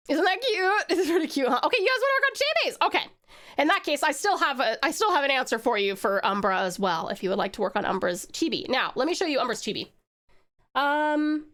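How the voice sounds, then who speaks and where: A woman's voice: on the high side, a bit bright. A woman from Tasmania chatting casually with her viewers on a livestream while she draws, rambling and talking straight to the chat. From Tasmania, Australia. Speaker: livestreamer and artist.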